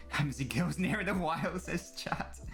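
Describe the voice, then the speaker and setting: A man's voice: on the high side, expressive, a little slow, gravelly, fairly bright tone, soft background music. A young man, a live streamer, chatting casually and swearing as he reads and answers messages from his chat during a football watch-along.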